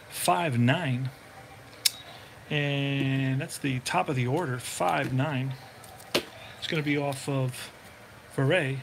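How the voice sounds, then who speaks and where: A man calling the play-by-play of a tabletop baseball game he plays himself, in a relaxed, chatty way that drifts into thinking aloud. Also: a little high, slight background noise.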